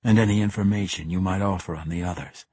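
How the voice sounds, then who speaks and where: A cold assassin speaks in a calm, measured, threatening way, as a male reader puts him on. The voice is low and husky, recorded dry and close for an audiobook. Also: dry recording. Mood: menacing. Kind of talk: audiobook character voice.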